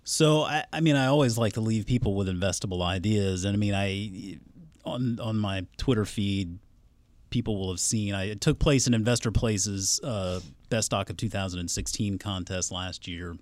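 Male analyst guest, low voice, dry sound, thoughtful and hedging. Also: moderate pace, dry recording. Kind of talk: casual chat.

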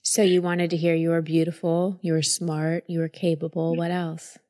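A woman hosting a podcast, calmly explaining and guiding a guest through a coaching conversation. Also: on the low side, normal speed. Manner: calm, explanatory, reassuring.

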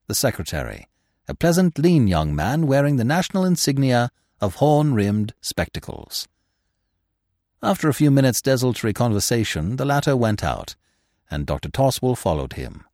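A man narrating a classic story with an expressive, dramatic reading. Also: lowish voice, no echo, studio quality. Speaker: podcast narrator. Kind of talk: scripted audiobook narration.

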